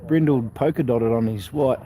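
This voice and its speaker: A man's voice: medium pitch, moderate pace, a crowd in the background. A man with an Australian accent chatting casually outdoors, blunt and matey with frequent swearing.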